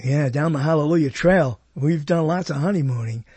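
High-voiced husky man hosting a chat show. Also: a little fast, a little mellow, no echo. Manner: rambling, jokey, argumentative. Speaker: talk show host. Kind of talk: casual live internet talk show.

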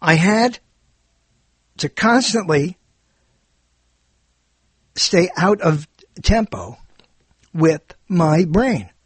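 Husky high-voiced rambling man. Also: extremely slow, long pauses, dry recording. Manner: animated, digressive, self-correcting. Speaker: monologue speaker. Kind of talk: rambling spoken monologue.

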